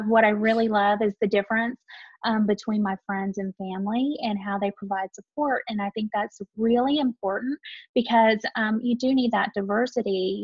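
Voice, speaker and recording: A young adult woman, a married podcast guest, speaking thoughtfully and pausing often with "um". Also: medium pitch, no room sound, lo-fi sound. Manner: thoughtful, with many "um"s. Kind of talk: casual conversation.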